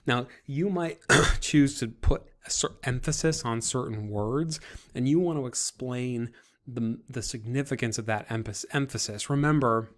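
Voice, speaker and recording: A man's voice: medium pitch, measured pace. Man explaining a class assignment. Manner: conversational, with fillers and restarts. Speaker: teacher. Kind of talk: classroom instruction video. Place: recorded for an online class.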